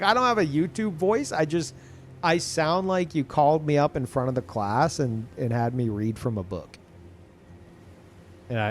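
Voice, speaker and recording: A man's voice: mid-range voice, slight background noise. A man livestreaming, talking casually to his chat in a rambling, swearing way that often restarts sentences. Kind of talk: casual chat to a live audience.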